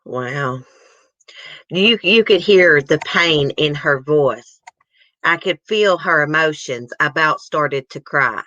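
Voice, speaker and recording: A woman's voice: low voice, animated, slow, sharp tone, no echo, muffled recording. A woman, hosting a casual, emotional chat and talking straight to her viewers. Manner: emotional, chatty, addresses viewers. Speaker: host. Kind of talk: casual chat reacting to news clips.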